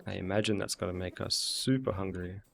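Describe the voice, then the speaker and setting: A man's voice: sits low, a little fast, creaky, a little hiss or hum. An Australian man streaming a game, muttering and thinking aloud as he plays in casual commentary.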